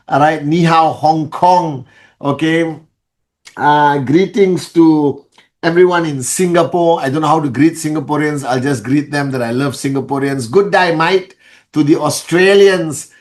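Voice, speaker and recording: A fairly high-voiced man hosts a live online call, calling out viewers by name and greeting them warmly. His delivery is energetic and loose, full of fillers and quick restarts, like a leader rallying his team. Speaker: network marketing leader. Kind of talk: live-stream address to followers.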